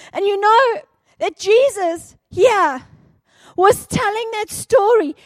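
Woman, preacher, sermon, dramatic storytelling, very high voice, dry close sound. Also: darkish tone, no echo. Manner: dramatic storytelling, acting out the father's cries.

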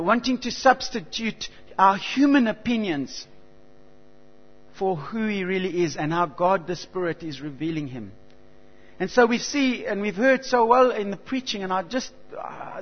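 High-voiced preacher in an echoing hall. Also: male voice. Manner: earnest, halting, with frequent restarts and swells of emphasis. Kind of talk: sermon. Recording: dull lo-fi recording with long hall reverb and mains hum.

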